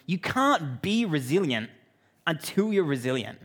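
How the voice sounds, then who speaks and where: Higher-voiced Australian man preaching. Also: unhurried. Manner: lively, joking asides to the audience. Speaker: pastor. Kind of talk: storytelling sermon.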